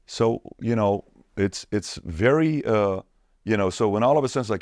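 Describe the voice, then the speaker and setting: Emphatic entrepreneur guest, low-pitched, dry close mic. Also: male voice, lively intonation, normal speed, darkish tone, no room sound. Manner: emphatic and repetitive, punchy lists. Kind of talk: podcast interview answers.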